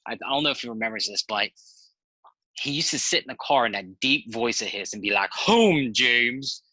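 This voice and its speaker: Male guest, relaxed rambling talker who swears casually; very bright voice, dry recording. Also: lowish voice, fast talker, dry recording, low-quality recording. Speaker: podcast guest. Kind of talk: casual storytelling chat.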